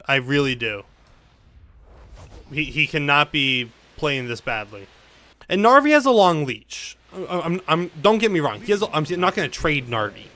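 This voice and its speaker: Venting over his baseball video game play, a young gaming YouTuber swears and moves between loud outbursts and low mutters. The recording has no echo.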